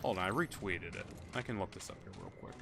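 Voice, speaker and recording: Low-voiced, profane male game streamer. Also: fast, vocal fry, very noisy. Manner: rambling, profane, joking. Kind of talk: casual live-stream commentary. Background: game music and gunfire.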